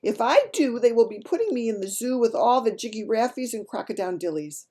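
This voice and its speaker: Mulher fazendo um gigante gentil que fala errado. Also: female voice, on the high side, sing-song, brisk, warm tone, voice pushed up. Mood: stubborn. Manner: mangled grammar, made-up words. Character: big kindly male giant, muddled grammar.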